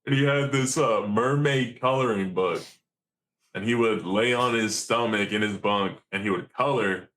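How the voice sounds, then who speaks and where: A man, a commercial fisherman, telling stories in a casual, animated and profane way. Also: lowish voice, moderate pace. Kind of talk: casual storytelling.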